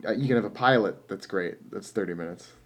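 A man's voice: on the low side, fairly quick, a little hiss or hum. A man co-hosting a podcast, chatting casually about a film and thinking aloud as he goes. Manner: musing, trails off and restarts. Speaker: podcast co-host.

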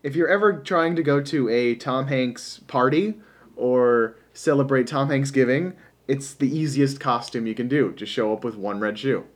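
A man co-hosting a podcast, chatting casually about a movie, animated and jokey, laughing often. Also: medium pitch, moderate pace. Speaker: podcast co-host. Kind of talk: casual movie review chat.

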